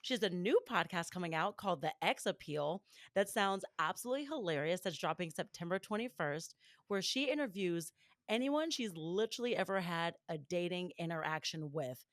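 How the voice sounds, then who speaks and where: Expressive low-voiced woman co-host. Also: moderate pace, no room sound, studio quality. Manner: laughs often, expressive storytelling. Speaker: podcast co-host. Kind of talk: casual podcast chat. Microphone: remote call from home.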